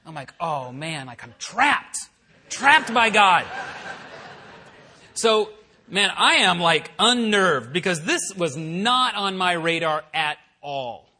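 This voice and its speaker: A man preaching, telling a personal story in a chatty, animated way and acting out the voices he quotes. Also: on the high side, takes it slowly. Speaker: pastor. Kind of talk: sermon storytelling. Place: church worship center.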